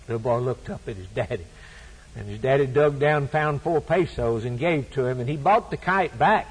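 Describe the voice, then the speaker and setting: A man's voice: medium pitch, moderate pace, slightly rough, poor audio. A man preaching a sermon, with an emphatic, repetitive preaching cadence.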